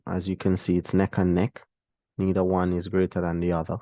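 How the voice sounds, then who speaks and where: A man explaining a trading strategy to viewers in a relaxed, talkative way, addressing them directly. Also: deep voice, brisk, no echo, muffled recording. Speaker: trading instructor. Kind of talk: screen-share trading lesson.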